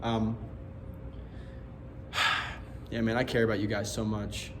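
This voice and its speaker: A man's voice: fairly low pitch, level tone, slow pace, background noise. A young man vlogging in a casual monologue, rambling and earnest, swearing often and full of fillers.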